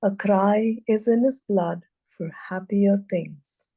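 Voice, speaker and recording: A woman reading verse aloud in a measured way, pausing often between short phrases. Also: mid-range voice, warm tone, breathy edge, rough recording. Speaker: student reader. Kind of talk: slow poetry reading.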